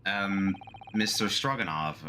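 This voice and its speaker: A man's voice: low-pitched, slow pace, pushed and bright, a little hiss or hum, full character voice. A man voicing a polite, nervous young male lawyer in a game, hesitant and stammering. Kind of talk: fan voice acting of a game.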